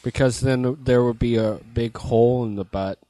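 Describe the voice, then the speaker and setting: A man's voice: mid-range voice, fairly even intonation, normal speed, warm tone. Laid-back young male podcast co-host. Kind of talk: casual comedic chat.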